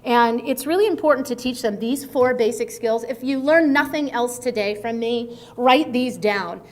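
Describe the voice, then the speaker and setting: A middle-aged woman speaking as a guest speaker at a conference, in a conversational, animated way. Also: on the high side, normal speed. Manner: conversational, animated, acts out quotes. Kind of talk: conference talk. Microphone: microphone at a conference.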